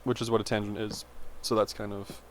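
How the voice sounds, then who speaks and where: A man's voice: fairly low pitch, little pitch movement, a little fast, a little hiss or hum. A man in his twenties, a vlogger, telling a rambling personal story in a chatty way, full of fillers and tangents. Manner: chatty, self-interrupting, full of "like".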